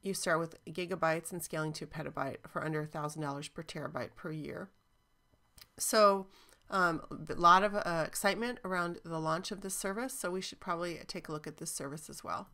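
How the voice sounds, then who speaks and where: A woman's voice: on the low side, a little fast, sharp tone. A woman teaching cloud databases in a chatty, enthusiastic screen-recorded walkthrough, with frequent ums.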